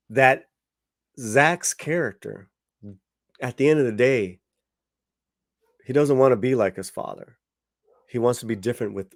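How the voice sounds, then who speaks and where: A man's voice: medium pitch, no room sound, studio quality. A man giving a casual spoken film review, conversational, with many fillers and restarts. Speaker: movie reviewer.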